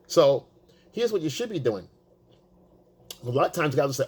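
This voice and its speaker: A man's voice: fairly high pitch, animated, moderate pace, mellow, breathy edge. A man talking as a dating coach, casual and profane, repeating himself for emphasis. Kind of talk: casual coaching talk to the camera.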